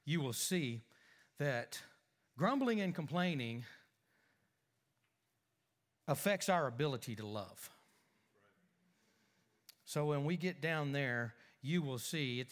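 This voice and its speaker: Bright-voiced joking male preacher. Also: on the high side. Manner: joking, conversational with hesitant restarts. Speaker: preacher teaching a lesson series. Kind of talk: sermon.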